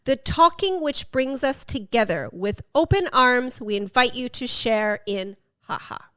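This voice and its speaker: A woman's voice: a little high, animated, a little slow, a bit bright, smooth, no room sound. A woman co-hosting a casual podcast, chatting and tasting wine with a friend, giggly and playfully teasing. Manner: giggly, playful teasing, trails off mid-sentence. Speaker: podcast co-host.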